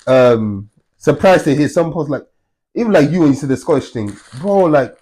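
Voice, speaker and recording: A man's voice: a little high, animated, normal speed, a little mellow. A man hosting a podcast in casual chat, playful and full of slang, laughing often. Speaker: podcast host.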